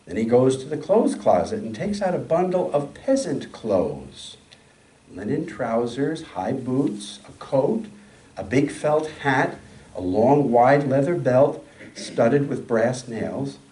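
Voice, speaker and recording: A man's voice: medium pitch, mellow, distant mic. Man reading a story in an echoey hall. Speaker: speaker. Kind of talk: sermon with a read-aloud story.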